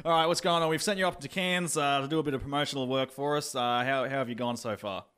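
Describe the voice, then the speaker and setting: A man's voice: medium pitch, quick pace, a bit bright, clean tone. A man hosting a casual comedy radio show, often laughing and filling gaps with "uh". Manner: laughs often, fills with "uh", runs the desk.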